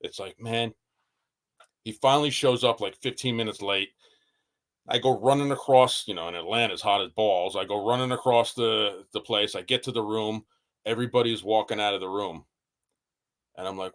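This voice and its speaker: A man with a low voice talks in a loose, unscripted podcast chat. He swears freely and acts out what people said as he tells a story. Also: moderate pace. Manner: swears freely, tells stories with quoted asides. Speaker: knife maker guest.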